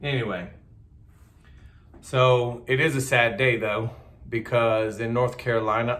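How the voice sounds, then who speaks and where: A man's voice: mid-range voice, unhurried, a bit bright. A middle-aged man, giving a blunt, heated, repetitive political rant in a casual monologue. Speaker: political commentator.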